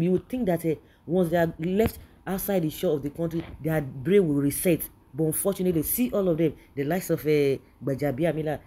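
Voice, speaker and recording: Nigerian commentator, indignant ranting opinion talk, dark mellow husky voice. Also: medium pitch. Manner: indignant, ranting, repeats phrases. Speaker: political commentator.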